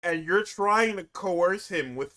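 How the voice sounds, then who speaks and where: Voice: medium pitch, lively intonation, takes it slowly, pushed and bright. A podcast co-host reacting to a wrestling segment in casual chat, incredulous and emphatic, with some swearing.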